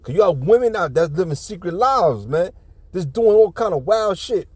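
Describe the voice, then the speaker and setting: A man's voice: sits high, lively intonation, moderate pace, husky, dry recording. A man giving casual ranting commentary on a video clip, blunt, profane and preachy, often restarting his sentences.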